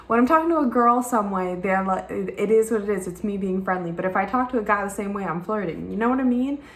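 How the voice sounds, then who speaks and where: A woman's voice: medium pitch, animated, brisk, echoey room. A young woman with a Southern American accent, talking candidly in a rambling, frank vlog style and swearing freely. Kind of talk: candid personal vlog talk. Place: rented home room with white walls.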